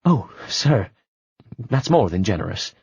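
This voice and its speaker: A man voicing a grateful young housemaid, reading an audiobook in a soft, lighter voice. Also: a bass voice, very animated, measured pace, gravelly, slightly rough, no room sound, exaggerated voice.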